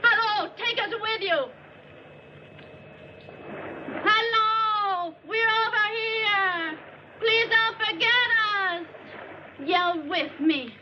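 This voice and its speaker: A desperate young castaway woman shrieks for rescue in a very high, drawn-out, frantic voice. The sound is a dull, noisy old film soundtrack. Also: far from the mic. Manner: frantic yelling.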